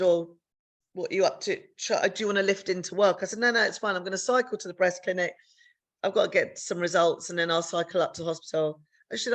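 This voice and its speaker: A middle-aged woman from the UK on a podcast, telling a personal story frankly, swearing freely and acting out dialogue. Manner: frank, swears freely, re-enacts dialogue with big pitch jumps. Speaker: podcast co-host sharing her story. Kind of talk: candid conversational storytelling.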